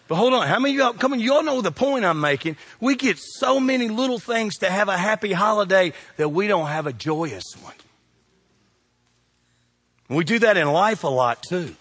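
A middle-aged man, a pastor telling funny stories in a sermon, folksy and animated, shouting his punchlines. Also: high-pitched, normal speed, husky. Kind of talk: humorous sermon storytelling.

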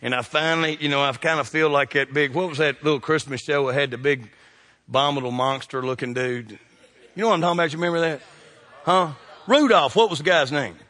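A middle-aged man, a pastor telling funny stories in a sermon, folksy and animated, shouting his punchlines. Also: on the high side, fast. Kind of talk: humorous sermon storytelling.

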